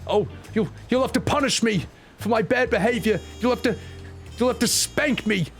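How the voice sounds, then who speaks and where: A man's voice: very high voice, normal speed, pitched above the performer's own voice. A man voicing a tiny, cowering male Lalafell from a fantasy game who stammers and whimpers pleas for mercy, over faint music. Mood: pleading.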